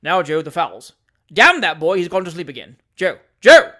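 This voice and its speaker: Reader doing a big jolly old gent, loud and bossy, barking orders, hearty, classic audiobook. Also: medium pitch, very animated, fast. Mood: bossy bustle. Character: jolly, bustling old country gentleman host. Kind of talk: audiobook reading of a classic novel.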